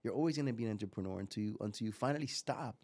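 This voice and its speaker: A man in his forties from Miami, a guest entrepreneur telling lively stories and often repeating words. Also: lowish voice, racing. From Miami, USA. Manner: animated storyteller, repeats words as he goes. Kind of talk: casual interview talk.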